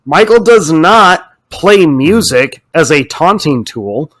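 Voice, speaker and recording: A man co-hosting a casual podcast, talking in an animated, ranting way and swearing freely. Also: a little high, slow, hardly any pauses. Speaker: podcast co-host.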